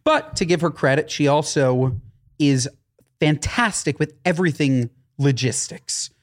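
Animated male podcast co-host. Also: on the high side, measured pace. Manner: animated storytelling with frequent fillers and restarts. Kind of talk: casual chat.

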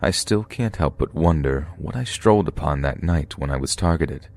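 A man with an extremely deep voice reads true horror stories in a steady, measured narration. The sound is dry and close, with no room around it. He keeps an even, deliberate storytelling pace throughout. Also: dry recording. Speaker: podcast narrator. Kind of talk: scripted narration of scary stories.

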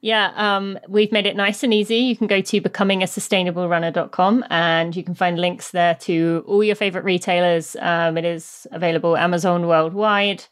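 A British woman talks as a podcast guest in a fairly low voice. Her manner is warm and easygoing, with frequent ums as she explains things. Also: fairly even intonation, moderate pace, few pauses, clear, resonant tone. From Britain. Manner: warm, laughs easily, many ums. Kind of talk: casual podcast interview.

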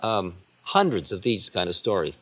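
A man, a spiritual teacher, telling unhurried rambling anecdotes with soft trailing asides. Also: low-pitched, big pitch swings, breathy edge. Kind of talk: storytelling talk.

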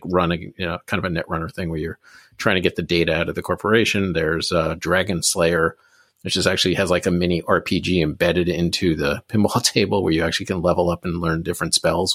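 A man who designs board games, answering in a relaxed interview with many fillers. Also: low-pitched, no echo, studio quality. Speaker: board game designer guest.

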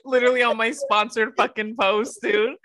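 Bright-voiced, confrontational woman host. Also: a little high, normal speed, slight background noise. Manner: confrontational, profane, animated storytelling. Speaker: podcast host. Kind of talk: casual podcast chat.

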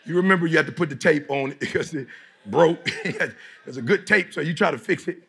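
A middle-aged man from Detroit giving a preachy motivational speech to a live audience, often shouting and leading call-and-response. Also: on the high side, brisk, creaky, breathy edge. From Detroit, United States. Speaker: motivational speaker.

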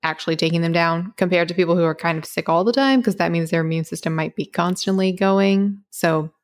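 A woman with a fairly low voice co-hosts a casual podcast. She talks in a chatty, rambling way, full of fillers and trailing asides. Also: fairly quick. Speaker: podcast co-host.

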